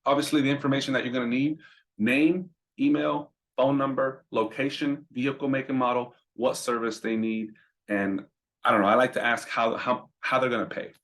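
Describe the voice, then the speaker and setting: A man's voice: mid-range voice, fairly even intonation, moderate pace, fairly bright tone. A man giving casual instructional talk on answering business calls, conversational and full of repeated "right?" checks. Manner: conversational, repeats words, asks "right?" often. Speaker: roadside business trainer.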